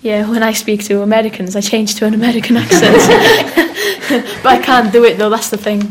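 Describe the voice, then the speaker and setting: A woman's voice: on the high side, fairly quick, heavy background noise. A young woman with a Welsh accent telling anecdotes in a casual group discussion, laughing often and using many fillers. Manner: giggly storytelling, many fillers. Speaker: interviewee.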